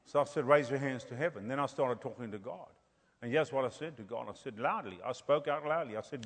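A man preaching a sermon, telling healing stories and building to loud, fervent exclamations. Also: mid-range voice, brisk, husky, big-room sound. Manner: storytelling, rising to loud exclamations.

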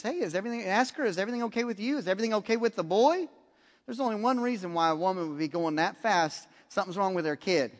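A man preaching a sermon, retelling a story with lively acted-out dialogue. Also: high-pitched. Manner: animated, acts out dialogue in the story. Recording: long reverb of a large hall.

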